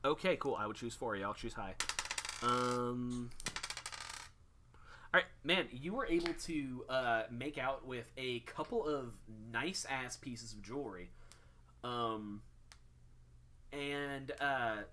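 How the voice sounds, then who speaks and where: A man's voice: mid-range voice, takes it slowly, sharp tone, a little hiss or hum. A man running a tabletop game as game master, casual and full of ums. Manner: casual, lots of ums and uhs.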